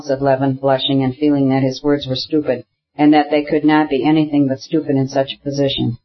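A man reading a classic novel aloud as an audiobook narrator, in a steady, measured way. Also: medium pitch, muffled recording.

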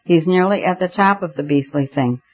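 A man reading aloud, voicing an anxious young gentleman who speaks in clipped, urgent phrases, in a slightly muffled recording. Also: high-pitched, normal speed, husky.

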